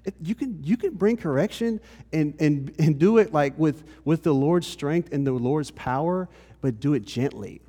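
A man's voice: on the high side, animated, moderate pace, hardly any pauses, warm tone, slightly rough. Man preaching in an echoing hall. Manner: conversational, often checks in with "okay?". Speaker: pastor. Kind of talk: sermon. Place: church hall. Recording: long reverb of a hall.

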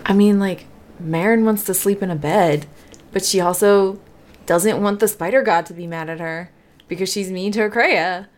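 A woman's voice: medium pitch, moderate pace. A woman playing a tabletop game, describing her character's actions in a casual, thoughtful way. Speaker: player.

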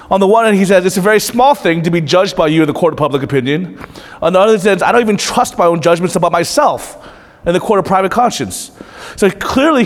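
Higher-voiced man preaching in a hall. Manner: conversational preaching, swings from lively asides to hushed intensity. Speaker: pastor. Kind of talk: sermon. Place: church hall. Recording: long reverb of a hall.

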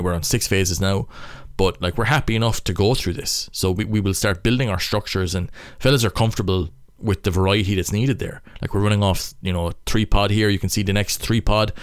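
A man's voice: fairly low pitch, smooth, dry recording, clean studio sound. Stop-start Irish man breaking down rugby. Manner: stop-start, thinking aloud. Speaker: rugby player analysing match footage. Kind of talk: casual match breakdown commentary.

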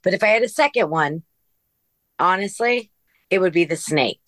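Blunt, lower-voiced woman ranting. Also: lively intonation, moderate pace, a bit bright, dry recording, studio quality. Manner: blunt, heated. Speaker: podcast guest. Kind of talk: casual chat.

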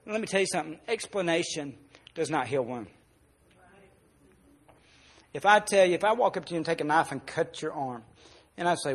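A male pastor preaching a sermon, telling a personal story and dropping soft and low in the emotional parts. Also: expressive, brisk, long pauses, husky.

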